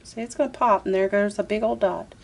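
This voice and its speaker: A woman with a gravelly, medium-pitched voice talks fairly quickly and keeps her intonation fairly even. She chats her way through a casual step-by-step craft tutorial, talking to herself as she works and saying "y'all."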